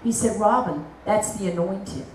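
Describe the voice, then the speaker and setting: A middle-aged woman evangelist gives a lively testimony sermon, full of folksy asides. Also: mid-range voice, normal speed, slight background noise. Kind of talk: testimony preaching. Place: church meeting hall. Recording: echoey hall, mic at a distance.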